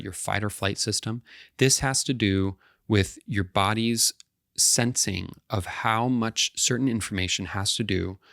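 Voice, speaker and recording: A man's voice: lowish voice, vocal fry, a bit bright, no room sound, clean studio sound. A male counselor giving an educational talk to camera, explaining step by step and often checking in with the listener.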